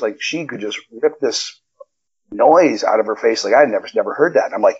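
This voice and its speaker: Husky, animated man telling stories. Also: brisk, muffled recording. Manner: animated, profane storytelling with sudden jumps in pitch. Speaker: wrestling interview guest. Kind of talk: casual storytelling chat. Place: Nevada.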